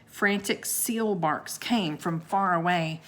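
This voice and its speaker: A woman reading a children's book aloud like a teacher, unhurried and expressive, with asides to her young listeners. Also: fairly low pitch. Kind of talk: children's storybook read-aloud.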